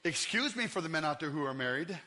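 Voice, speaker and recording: A man's voice: on the high side, lively intonation, fast talker, sharp tone. A man in his fifties preaching a sermon in a church, telling comic stories and acting out scenes. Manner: comic storytelling, acts out scenes. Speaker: pastor.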